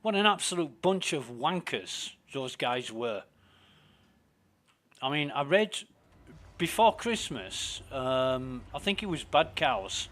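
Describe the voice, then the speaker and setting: A man's voice: mid-range voice, expressive, takes it slowly, a bit bright. A man ranting casually and with lots of profanity while he plays a game and talks to his stream. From Britain. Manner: profane, indignant, rambling.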